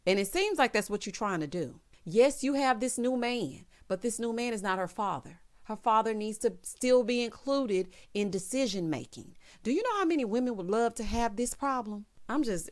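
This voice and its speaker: A woman recapping a reality show in sassy, gossipy commentary, acting out the quotes. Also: medium pitch.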